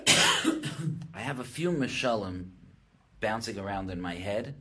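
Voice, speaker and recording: Man, rabbi, Torah lecture, husky voice, restarts while thinking aloud. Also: lowish voice, animated, slow, bright, forceful tone. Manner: explains Hebrew texts in English, voice rising when quoting.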